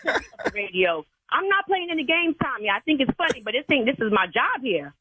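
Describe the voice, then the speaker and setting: A woman's voice: high-pitched, big pitch swings, a little fast, bright, forceful tone, breathy edge, no room sound. An older woman who serves as a church sign language interpreter, talking on a phone call in a stern, proper, scolding way. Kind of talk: phone call with a prank caller. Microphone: telephone. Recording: tinny phone line.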